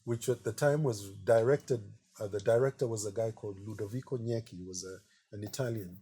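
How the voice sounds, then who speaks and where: Middle-aged man, mellow tone, chatty storyteller in an interview. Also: lowish voice, fairly quick, slightly rough. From Kenya. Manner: chatty, peppers speech with "you know". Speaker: artist interviewee. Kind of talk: relaxed anecdotal storytelling.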